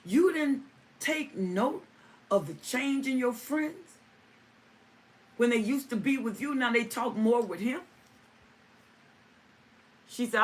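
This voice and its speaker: Through a distant mic with faint ambient noise, a woman hosting a live stream responds to viewer comments in a medium-pitched voice with lively intonation. Her pace is measured with long pauses, and she emphatically repeats phrases for stress.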